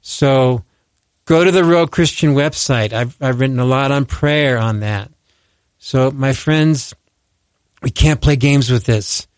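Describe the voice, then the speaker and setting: A man's voice: mid-range voice, takes it slowly, no room sound. A man delivering an earnest, exhorting sermon as host of a ministry show, lifting his voice for emphasis. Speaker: preacher hosting a ministry show.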